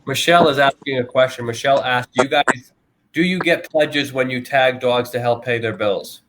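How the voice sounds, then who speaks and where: A man hosts a live-stream chat in a loose, joking way and teases his guests as he goes. His voice sits at a middling pitch, and a faint hiss runs underneath it. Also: normal speed. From Tampa area, Florida. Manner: teasing and joking. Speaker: host of a live-stream interview show.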